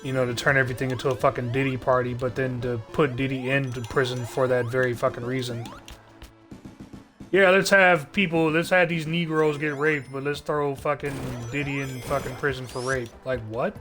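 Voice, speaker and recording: A man's voice: mid-range voice, flat delivery, normal speed, fairly bright tone, soft background music. A man streaming live, ranting to his chat in a rambling, sardonic way, swearing constantly and restarting his sentences. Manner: rambling, heavy cursing, sardonic.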